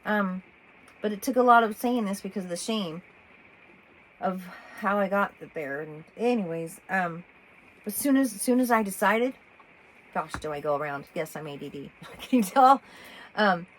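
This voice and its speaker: A woman telling a personal story in a rambling, animated way, often breaking off and restarting. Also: medium pitch, low-quality recording. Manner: rambling, animated, self-interrupting with laughs. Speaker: vlogger.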